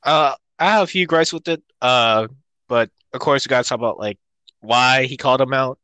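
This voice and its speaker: Guy co-hosting, kinda hesitant, lots of uhs, crisp bright voice. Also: medium pitch, normal speed, no echo. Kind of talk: casual chat.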